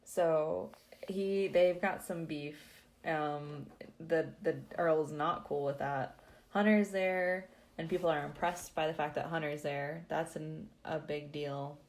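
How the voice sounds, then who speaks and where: Woman, lowish voice, loose chatty recap host who laughs a lot. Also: fairly even intonation, slow pace, a little mellow. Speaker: podcast host. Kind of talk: casual chapter recap.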